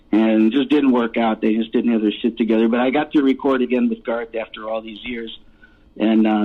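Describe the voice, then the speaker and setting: A man talks over a thin, phone-like line at an ordinary middle pitch. He is a rock vocalist swapping loose, rambling road stories in a relaxed interview, laughing often and swearing freely as he goes. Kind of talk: casual storytelling interview.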